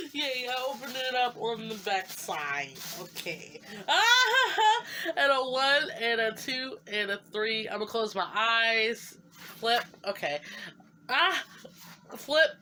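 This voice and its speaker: A young woman chatting through an unboxing, her voice bright and high and swinging widely in pitch. She talks slowly and gushes with slangy fillers, laughing and squealing often. Faint room noise sits behind her. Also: very animated. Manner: giddy, gushing, laughs and squeals a lot; slangy, lots of fillers like "like" and "you know". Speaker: vlogger unboxing fan art. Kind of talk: casual unboxing chat.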